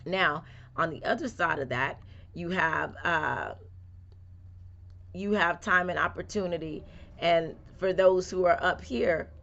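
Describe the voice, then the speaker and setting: A woman's voice: on the low side, vocal fry, fairly bright tone, lo-fi sound. A woman speaking casually and directly to her viewers, repeating phrases in a folksy, encouraging way as she gives a spiritual reading. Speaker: spiritual reader. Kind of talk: casual motivational talk to camera.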